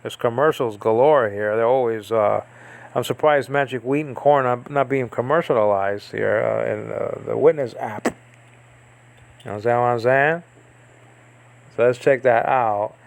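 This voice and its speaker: A man's voice: medium pitch, unhurried, vocal fry. A man giving a casual, rambling Bible study lesson, thinking aloud with many fillers and asides. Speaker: Bible teacher.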